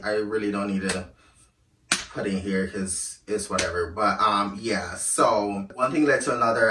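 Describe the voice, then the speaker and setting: A man with a bright, forceful voice tells a personal story in a casual, animated way, blunt and swearing freely. He sounds set back from the mic in an echoey room. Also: lowish voice, distant mic.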